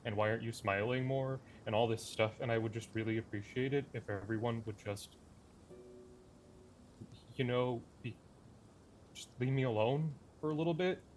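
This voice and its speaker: A man's voice: medium pitch, moderate pace, long pauses, a little mellow, slight background noise. A man player speaking in character, curt and guarded. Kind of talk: in-character role-play.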